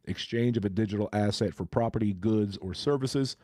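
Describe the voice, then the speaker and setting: A man's voice: lowish voice, fairly quick, mellow, no room sound, clean studio sound. A man chatting casually on a crypto livestream, hesitant and full of fillers and restarts.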